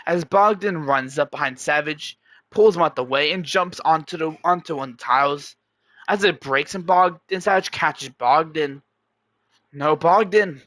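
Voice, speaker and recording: A man's voice: a little high, normal speed, a bit bright, no echo. Rambling young male storyteller. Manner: rambling, restarting, chains of "as". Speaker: narrator. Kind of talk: amateur story narration.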